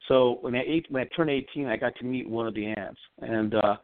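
A man's voice: medium pitch, brisk, dry recording. Rambling man on a tinny phone line. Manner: rambling, earnest storyteller. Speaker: psychic medium guest. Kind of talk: casual storytelling on a call-in show.

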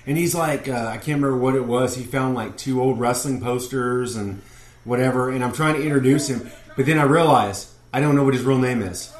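Co-hosting a casual wrestling fan talk show, a man with a medium-pitched voice talks a little fast amid a roomy echo. He tells rambling stories and acts out the people he quotes.

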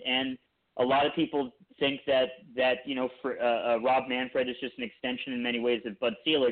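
A man co-hosting a podcast in casual chat, rambling through long points with frequent restarts. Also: medium pitch. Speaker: podcast co-host. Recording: tinny phone-like line.

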